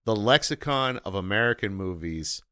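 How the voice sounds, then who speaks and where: A man's voice: lowish voice, lively intonation, moderate pace, sharp tone, smooth. A man co-hosting a casual film podcast, ranting animatedly and swearing freely. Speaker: podcast co-host. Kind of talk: casual film-review chat.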